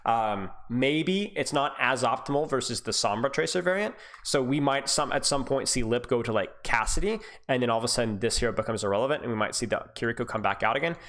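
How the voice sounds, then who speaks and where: A man's voice: medium pitch, fast talker, hardly any pauses, fairly bright tone. A man coaching and streaming, casually analyzing an esports match, chatty with frequent restarts and asides to viewers. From Scottish heritage. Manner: casual, chatty, many restarts, thanks subscribers. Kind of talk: live stream game analysis.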